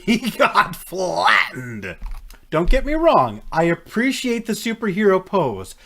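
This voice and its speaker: A man's voice: sits high, huge pitch swings, takes it slowly, gravelly, a bit bright. A man giving casual reaction commentary to a show, sarcastic and mocking, laughing often. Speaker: reaction video host.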